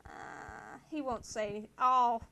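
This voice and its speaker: A woman's voice: on the high side, wildly swooping pitch, measured pace, vocal fry, noisy background. A woman casually commenting on a game and reading its dialogue aloud in a playful way. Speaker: let's play gamer.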